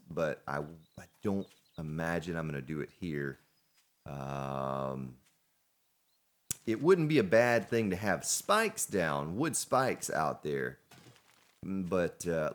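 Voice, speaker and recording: A man with a very low voice talks through his game in loose, casual commentary. He rambles and often addresses himself as he works. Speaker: gaming let's play host.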